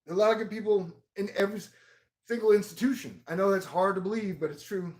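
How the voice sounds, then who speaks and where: Male vlogger, high voice, profane rambling monologue with loud outbursts. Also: quick pace. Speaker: video blogger.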